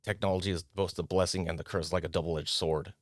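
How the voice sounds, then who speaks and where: A man's voice: sits low, fairly quick, no room sound, studio quality. A man hosting a casual talk show, reading an article aloud and giving his opinions, often mocking other people's lines in exaggerated voices. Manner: animated, mocking impressions of others. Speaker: podcast host.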